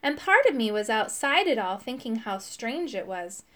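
A woman reading a children's book aloud in an expressive storytelling manner, changing her voice for the quoted lines. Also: fairly high pitch, moderate pace. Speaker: audiobook reader.

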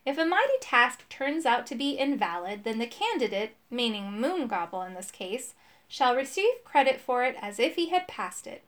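Smug clever lil toad guy, a lady reading it, smooth and kinda high. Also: big pitch swings, moderate pace, fairly bright tone. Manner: smooth, helpful, a bit smug.

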